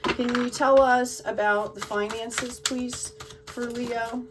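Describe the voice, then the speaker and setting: A woman's voice: on the high side, fairly even intonation, takes it slowly, distant mic, heavy background noise. Gushing tarot-reading woman, off-mic. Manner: emotional, gushing, frequent "okay?" check-ins. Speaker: tarot reader. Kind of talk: tarot card reading to viewers.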